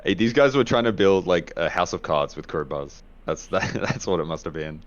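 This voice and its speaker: Deep-voiced giggly male player. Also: moderate pace, dull audio. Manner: giggly, jokey, often laughs mid-sentence. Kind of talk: casual chat at a game table.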